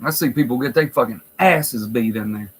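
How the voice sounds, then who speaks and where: A man's voice: medium pitch, normal speed, husky, rough recording. A man who works in a nursing home, telling stories in a blunt, profane, wry way. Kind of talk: casual storytelling vlog.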